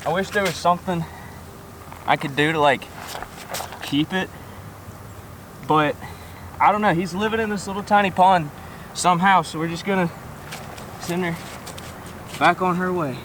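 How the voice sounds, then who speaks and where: A man vlogging outdoors by a small pond, shaky and keyed up, full of excited exclamations and coaxing the fish he's landing. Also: high-pitched, normal speed, long pauses, far from the mic, noisy background. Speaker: fishing vlogger. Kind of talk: excited outdoor vlog commentary. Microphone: camera set up nearby.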